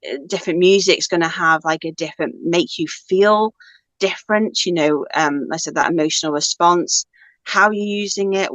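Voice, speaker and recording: A woman's voice: on the low side, a bit bright, no room sound. Reflective woman talking, dry close sound. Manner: reflective, rambling with many fillers. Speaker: guest, spiritual teacher. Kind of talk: casual conversation.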